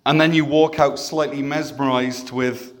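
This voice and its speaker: A man's voice: mid-range voice, fairly even intonation, a little slow. A man preaching a sermon in a church, conversational and self-deprecating, with humor. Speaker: pastor.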